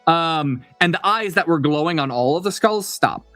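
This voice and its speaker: A man's voice: fairly high pitch, animated, moderate pace, pushed and bright, dry recording, faint music behind. Man narrating a tabletop game, dry. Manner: describes scenes with many fillers and restarts. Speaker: game master.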